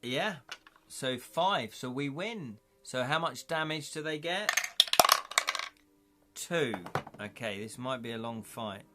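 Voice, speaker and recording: A man's voice: medium pitch, animated, slow, over loud music. A man chatting casually on a live stream as he plays through a gamebook, thinking aloud and correcting himself as he counts up dice rolls.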